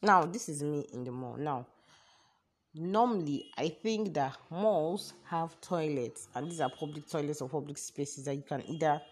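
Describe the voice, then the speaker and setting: Low-voiced Nigerian woman telling a story. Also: moderate pace, breathy edge. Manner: chatty, animated, exasperated storyteller. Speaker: podcast host. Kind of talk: casual storytelling.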